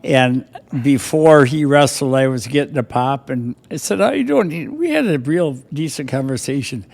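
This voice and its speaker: A man's voice: mid-range voice, expressive, moderate pace, darkish tone, in a large hall. An older man, a podcast guest, telling rambling stories from his past with a chuckle now and then. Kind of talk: casual storytelling.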